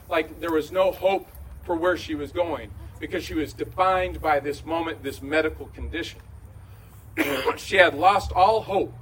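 A man preaching a conversational sermon in a large room, going from hushed to shouting. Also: fairly high pitch, far from the mic, slight background noise, poor audio. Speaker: pastor.

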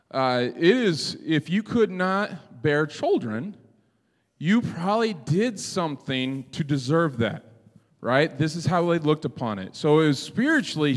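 Man preaching in a reverberant hall. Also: fairly high pitch. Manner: conversational, repeats "right?" often. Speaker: pastor. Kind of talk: sermon.

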